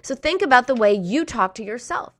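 A woman speaks in an earnest, encouraging coaching talk, her pitch rising and falling a lot as she goes. She sometimes slips into a harsh inner voice. The sound is dry and close, with no room around it. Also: sing-song, brisk, dry recording. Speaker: speaker on emotional eating.

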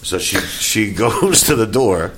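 A man hosting a casual chat, telling animated stories about comedy films, swearing freely. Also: on the low side, takes it slowly, breathy edge. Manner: animated storyteller, acts out movie scenes.

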